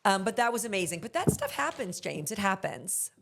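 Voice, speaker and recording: A middle-aged woman, a podcast guest who owns a luxury consignment store, telling candid, animated stories and acting out the voices she quotes. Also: medium pitch, brisk, gravelly, a little hiss or hum. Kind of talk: conversational interview storytelling.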